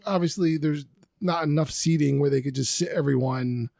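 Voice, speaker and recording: A woman's voice: deep voice, normal speed, gravelly, a little mellow, no echo. A woman hosting a podcast in a casual, teasing way, asking questions and giving short replies. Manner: playful, teasing interviewer with short backchannels. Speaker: podcast host. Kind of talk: casual chat.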